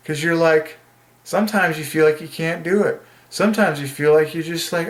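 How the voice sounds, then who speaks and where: A man's voice: a little high, expressive, normal speed, creaky. A man giving a casual, earnest reflection on the Bible, rambling and candid, often laughing and saying "like.". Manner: earnest, emotional. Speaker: Christian video maker.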